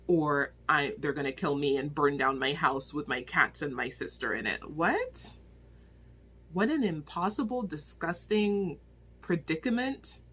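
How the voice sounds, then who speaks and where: Animated rambling woman reviewing a book. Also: low voice, unhurried, breathy edge. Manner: animated, exclaiming, rambling with restarts. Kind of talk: casual vlog book review. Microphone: phone.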